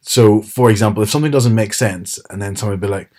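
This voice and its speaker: A man's voice: fairly low pitch, quick pace, hardly any pauses, a little mellow. A man chatting casually as a podcast co-host, retelling TV scenes with quoted lines. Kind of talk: casual chat.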